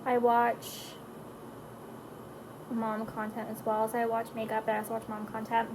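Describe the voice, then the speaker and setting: Chatty mom with a higher voice. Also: female voice, monotone, normal speed, background noise. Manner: chatty and emotional, drifting between topics with frequent likes and fillers. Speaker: vlogger and mother of four. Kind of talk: casual chat while doing makeup.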